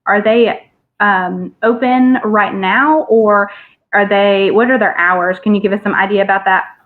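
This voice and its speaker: A woman's voice: mid-range voice, steady tone, unhurried. A woman moderates a training call, reading out questions from her team. She hesitates often and uses a lot of fillers. Her voice comes through a thin, phone-like line.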